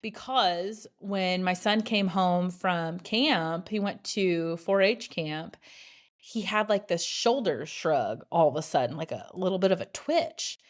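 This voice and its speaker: A woman's voice: on the low side, takes it slowly. A woman in her thirties hosting a solo podcast, telling a personal story in a frank, chatty way with lots of "like" fillers. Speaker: podcast host. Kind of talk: candid solo podcast monologue.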